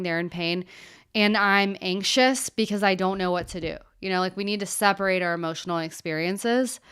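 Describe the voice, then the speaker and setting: A young woman and therapist chatting candidly on her live Q&A stream, with animated asides. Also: medium pitch, clear, resonant tone, dry recording, clean studio sound.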